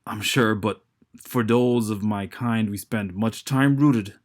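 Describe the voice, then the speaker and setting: A man voicing a weary ancient giant tree-like being who speaks gravely through strain, grunting as he talks. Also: lowish voice, slow pace. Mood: strained solemn.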